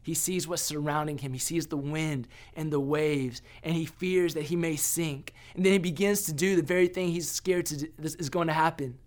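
A man's voice: fairly high pitch, fairly even intonation, normal speed, hardly any pauses. A young man giving an earnest sermon as a pastor, often restarting and repeating words.

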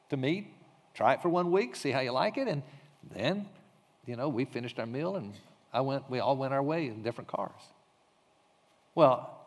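A pastor leading a training class, telling a story in a conversational way with frequent fillers and restarts. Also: male voice, mid-range voice. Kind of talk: teaching talk with a personal anecdote. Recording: long hall reverb.

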